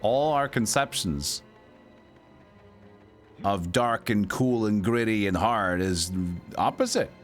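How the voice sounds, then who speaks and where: Low-voiced streamer chatting. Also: male voice, slow pace, pauses often. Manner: chatty, rambling, reading chat aloud. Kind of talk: casual chat while playing a video game. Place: home streaming setup. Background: game music.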